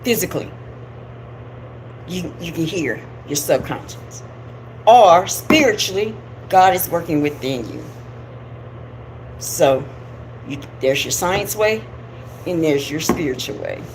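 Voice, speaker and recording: A woman's voice: lowish voice, lively intonation, takes it slowly, long pauses, a little hiss or hum, low-quality recording. A woman hosting a live stream, talking casually and informally about spirituality, rambling with laughing asides. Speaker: livestream host. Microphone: camera on a live stream.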